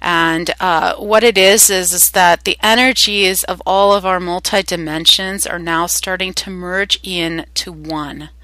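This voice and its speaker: A Canadian-accented woman hosts a spiritual talk with a bright, clear-toned voice. She rambles gently, filling pauses with plenty of uhs and ums. The sound is dry and close, with no room echo. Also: fairly low pitch, fairly even intonation. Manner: rambling, many filler sounds. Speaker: spiritual host.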